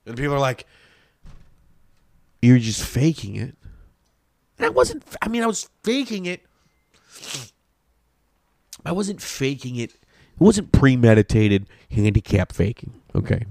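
A young adult man, a podcast host, telling a rambling, profane and excitable comic story in a casual way. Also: mid-range voice, moderate pace, long pauses, dry recording.

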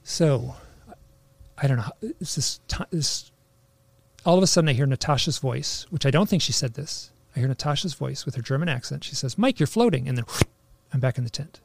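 A man telling a personal story in a casual, halting way, full of restarts, animating the voices he quotes. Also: mid-range voice, vocal fry. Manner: animated, acts out quoted lines.

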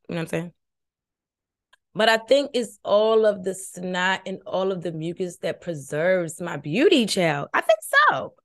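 A woman with a slightly low voice talks through a reality show in a loose, late-night podcast ramble. She is brash, sassy and freely profane, with a sleepy edge. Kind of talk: casual commentary.

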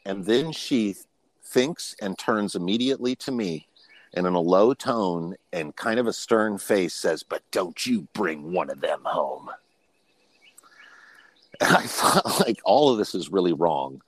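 A man in his fifties, a podcast guest, telling personal stories in a frank, rambling way and often restarting his sentences. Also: deep voice. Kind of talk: personal storytelling in casual conversation.

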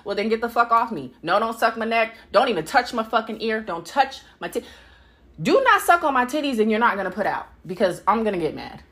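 Young woman, podcast host, blunt, profane, animated, laughs a lot. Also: a little high, fairly quick. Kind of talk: candid solo podcast monologue.

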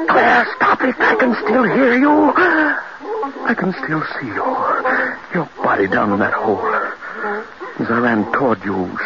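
A man's voice: fairly low pitch, gravelly. Charles, an unhinged grieving man. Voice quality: strained, breaking into anguished cries. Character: guilt-stricken man, frantic and unhinged with horror. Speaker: Charles Prentice, a man haunted by his wife's death. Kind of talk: 1940s radio acting. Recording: muffled old radio recording, loud hiss.

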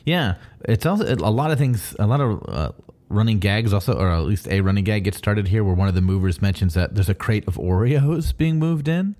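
A man with a very low voice in casual podcast chat, filling in comic history and trivia between his co-host's retellings. He talks loosely, with plenty of fillers. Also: lively intonation, fairly quick, a little mellow. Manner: adds fan background and trivia, with frequent fillers. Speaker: podcast co-host.

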